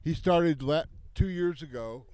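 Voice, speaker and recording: A man who organizes a festival, answering interview questions in a halting way, repeating words and restarting. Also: on the high side, mellow, clear, resonant tone, no room sound. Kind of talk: casual interview.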